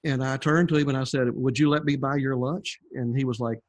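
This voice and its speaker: A man's voice: medium pitch, fairly even intonation, brisk. An older man, a podcast guest, telling his story in a rambling, conversational way with many fillers. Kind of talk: conversational testimony.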